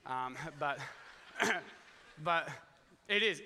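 Joking Australian pastor, bright high voice. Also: male voice, lively intonation, slow pace, long pauses, clean tone. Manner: chatty and joking, with asides to the congregation. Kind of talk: conversational sermon. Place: church hall. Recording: echoey church hall.

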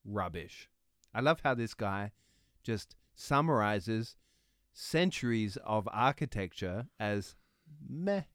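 A man's voice: fairly low pitch, expressive, takes it slowly, fairly bright tone, smooth, dry recording, clean studio sound. An Australian man co-hosting a casual podcast, teasing and laughing often. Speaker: co-host.

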